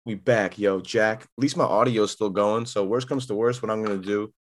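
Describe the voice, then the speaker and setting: Low-voiced joking man hosting a chat. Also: moderate pace. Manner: joking, easygoing, slangy. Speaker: podcast host. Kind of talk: casual podcast chat. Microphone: camera mic.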